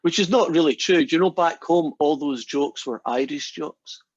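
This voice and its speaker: Husky-voiced man telling a joke in class. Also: a little high, normal speed, no room sound, highs cut off. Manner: chatty storyteller, jokes with class. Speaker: math instructor. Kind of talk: lecture with a told joke.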